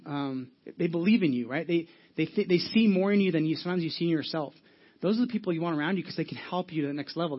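Male pastor, fast and husky, conversational sermon with audience check-ins, dull lo-fi audio. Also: fairly high pitch. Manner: conversational, asks the audience questions, many restarts. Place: church hall with audience.

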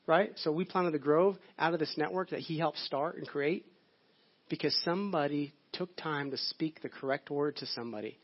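A man's voice: a little high, slightly rough. A male pastor giving a sermon in a conversational, storytelling way. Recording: dull lo-fi audio.

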